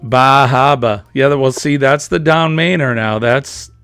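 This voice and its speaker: Brief: Boston-accent host, gravelly, dry close sound, easygoing chat. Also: male voice, medium pitch, a little slow, fairly bright tone, dry recording, soft background music. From New England. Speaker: livestream host. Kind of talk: casual chat.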